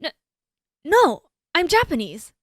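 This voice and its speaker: A woman's voice: very high-pitched, huge pitch swings, slow, no echo, studio quality, voice pushed up, heavily acted. A woman voicing a polite, flustered Japanese male scientist in a game, stiff and stammering.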